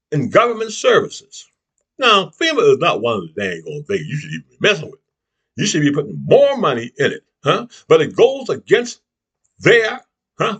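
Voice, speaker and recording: A man's voice: a little high, a bit bright, breathy edge. A man giving an impassioned political rant to camera as a YouTube commentator, preachy and name-calling, who keeps tossing in "huh?" and "you see what I'm saying".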